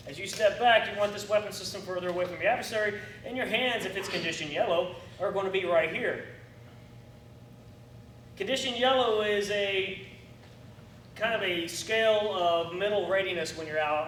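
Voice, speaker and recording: A man teaching a firearms class in a lively coaching way, acting out his students' reactions. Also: high-pitched. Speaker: firearms instructor. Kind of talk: classroom instruction. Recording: echoey room, distant mic, faint noise.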